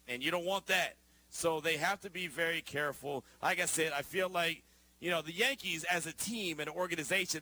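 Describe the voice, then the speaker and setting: An animated male sports radio host with a bright, forceful voice pitched a little high. He argues his points emphatically, leaning on rhetorical questions in loose conversational banter.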